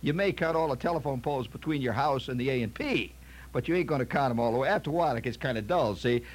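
A fast-talking man with an expressive, medium-pitched voice tells a comic anecdote as a monologue. His folksy, rambling delivery features frequent stammering and repetition.

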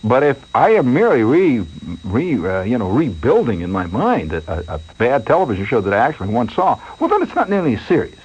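Male radio host, rambling monologue, lively mock-nervous delivery, dull lo-fi sound with faint hum. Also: medium pitch, a little fast, few pauses, breathy edge. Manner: rambling, animated, mock-anxious storytelling. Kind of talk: late-night radio monologue.

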